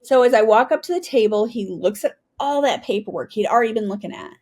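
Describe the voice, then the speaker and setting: Animated woman telling her story. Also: on the high side, quick pace. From United States. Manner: animated storyteller, often adds "right?". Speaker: guest, retired Army helicopter pilot. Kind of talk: storytelling interview.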